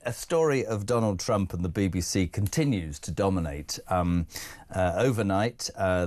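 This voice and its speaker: A man hosting a live breakfast talk radio show, chatty with wry asides while reading out listener messages. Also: low-pitched.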